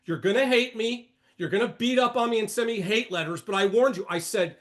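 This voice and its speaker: This is an older man with a notably high voice who hosts a trading session. He lectures bluntly and with animation, jumping between warnings and asides. His commentary comes across as a sermon-like monologue. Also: a little fast. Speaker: trading room host.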